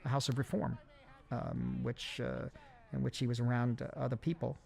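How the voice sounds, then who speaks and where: A man recording a film commentary, speaking in a halting way with many fillers and restarts. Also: mid-range voice, expressive, creaky, a little mellow. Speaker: film director giving commentary.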